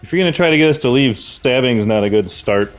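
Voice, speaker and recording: A man's voice: medium pitch, lively intonation, fast, smooth, faint music behind, close to an everyday voice. A man playing his tabletop character, a blunt, wounded adventurer who grumbles sarcastically and swears. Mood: grumbling. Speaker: player.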